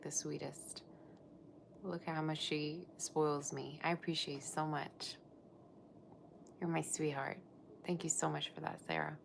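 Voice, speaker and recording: A woman's voice: low voice, vocal fry, background noise. A woman reading tarot on a live stream, gushing over her viewers and chatting loosely between cards. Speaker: tarot reader.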